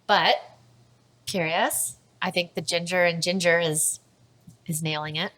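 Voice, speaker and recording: Casual woman on a podcast, low-set voice, upbeat and rambling. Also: steady tone, unhurried, fairly bright tone, a little hiss or hum. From Canada. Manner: chatty, enthusiastic, frequent fillers. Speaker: food tour operator and podcast guest. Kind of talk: casual chat.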